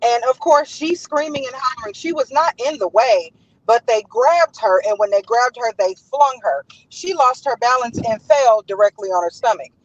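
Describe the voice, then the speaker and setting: A woman with a high, Los flavored voice delivers passionate commentary as a host. She speaks emphatically and with indignation, repeating points for force. The audio is dull and lo-fi. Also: expressive, normal speed, no room sound. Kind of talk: casual commentary.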